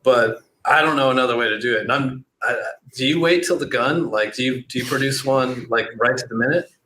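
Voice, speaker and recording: Male interview guest, casual and rambling, bright voice, echoey room mic. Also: mid-range voice, fairly quick. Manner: relaxed, rambling with frequent "like" fillers. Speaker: guest, SEO entrepreneur. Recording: roomy echo with faint noise.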